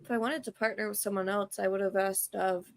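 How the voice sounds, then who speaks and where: A woman's voice: medium pitch, steady tone, fairly quick, creaky, dry recording, lightly acted. A woman playing a blunt, loyal student. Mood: reassuring. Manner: matter-of-fact, reassuring.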